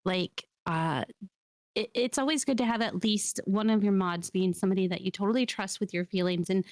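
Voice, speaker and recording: Brief: earnest woman co-host, dry close mic, mid voice, steady advice-giving. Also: medium pitch, normal speed, no echo. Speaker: VTuber podcast host. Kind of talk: casual podcast chat.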